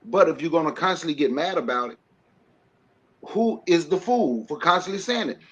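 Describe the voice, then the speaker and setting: A man's voice: a little high, lively intonation, moderate pace, a bit bright, slightly rough. A man on a podcast livestream giving impassioned commentary, preaching with rhetorical questions. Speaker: panelist. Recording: dull lo-fi stream audio.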